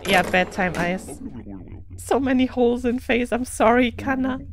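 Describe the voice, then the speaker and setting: Over a noisy background, a German-accented woman with a fairly high voice talks a little slowly as she streams a game. She keeps the gameplay commentary casual, laughing and saying hello to followers.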